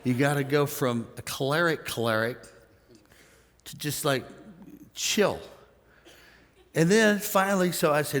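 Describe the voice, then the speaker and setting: A man's voice: medium pitch, unhurried, pauses often, in a large hall. A man preaching a conversational sermon as pastor, telling stories and acting out other people's lines. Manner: storytelling, animated quoting of others.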